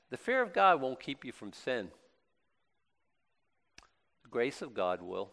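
A man's voice: mid-range voice, huge pitch swings, takes it slowly, creaky, long pauses, a bit bright. A man preaching a sermon in a chatty, self-deprecating way, with joking asides between scripture readings. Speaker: pastor.

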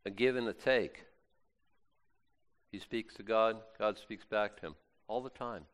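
In a sermon delivered like a conversation, this man alternates loud exclamations with quiet asides and frequently restarts phrases. He has a fairly low pitch and a measured pace.

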